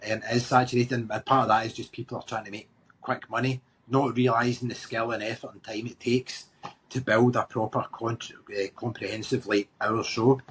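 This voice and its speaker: A man's voice: medium pitch, level tone, moderate pace, fairly bright tone, slight background noise. A man with a Glaswegian Scottish accent, a comedian guest talking frankly in a casual interview, often restarting his sentences and swearing bluntly. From Scotland. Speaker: guest comedian and tattoo artist.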